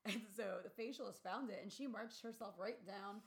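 A woman in her forties, co-hosting a podcast, chatting casually and telling animated stories with frequent laughter. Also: medium pitch, moderate pace. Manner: giggly, animated storytelling. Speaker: podcast co-host. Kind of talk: casual chat.

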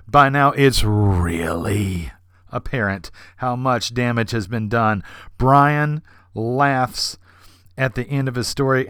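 A man hosting a podcast, telling an anecdote in an animated style with vivid character voices. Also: mid-range voice, clear, resonant tone, no echo, clean studio sound. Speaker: podcast host. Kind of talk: anecdotal storytelling.

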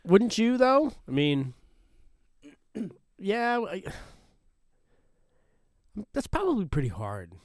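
A man co-hosts a casual podcast, teasing his friend with crude jokes and laughing often. His speech is animated, with a lively rise and fall in pitch. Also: very slow, long pauses, dry recording, clean studio sound. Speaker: podcast co-host. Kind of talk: casual chat.

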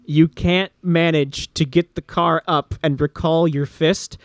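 A man narrating as game master in a tabletop game, brisk and descriptive, with fillers. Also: a little high, steady tone, no room sound.

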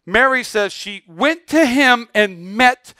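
High-voiced man preaching with fervor. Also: lively intonation, slow, dry recording, studio quality. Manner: swings from quiet to shouted emphasis, repetitive exhortation. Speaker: pastor. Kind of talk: energetic sermon.

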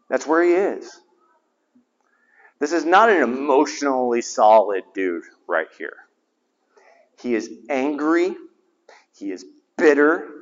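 A middle-aged man, a chaplain, preaching a conversational sermon that swings between lively emphasis and hushed asides. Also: medium pitch, a little slow, pauses often. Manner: animated, conversational preaching with sudden drops to a hushed voice. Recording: dull, slightly lo-fi sound with long hall reverb.

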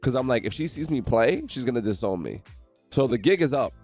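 A man from New Jersey, a guest in a radio studio, telling his story with animated energy and acting out the voices of the people in it. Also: mid-range voice, a little fast, soft background music. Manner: animated, acts out quoted voices.

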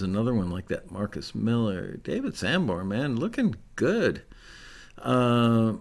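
A man hosting a casual chat about music, thinking aloud and rambling with many fillers. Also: medium pitch. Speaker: host.

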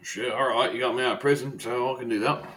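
A man's voice: mid-range voice, fairly even intonation, quick pace, a bit bright, far from the mic, slight background noise, natural voice. A man putting on a crude, easygoing convict who swears casually. The voice sits near his own, loose and offhand. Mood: surprised. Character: crude freed male convict Nigel.

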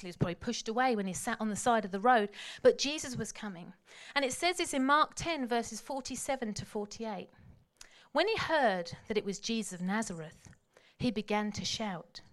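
A woman preaching a sermon, telling the story dramatically and swinging from hushed tones to loud calls. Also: fairly high pitch.

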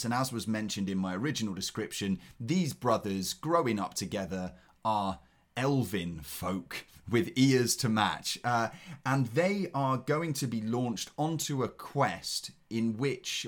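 A man hosting a film review show, giving blunt opinions in casual chat with his co-host. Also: on the low side.

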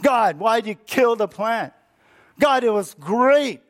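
A pouting, self-pitying prophet, whining about his own discomfort, as a preacher puts him on. The voice climbs high above a normal speaking voice, loud and complaining. He sounds like a grown man throwing a tantrum. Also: expressive, takes it slowly, exaggerated voice. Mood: whiny.

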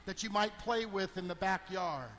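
A middle-aged man delivers a sermon as a deacon, his voice pitched high and ringing out. He drops to hushed asides, then builds to emphatic calls. The church around him adds a long, lingering reverb. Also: normal speed, a little hiss or hum. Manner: animated, swings between hushed and emphatic.

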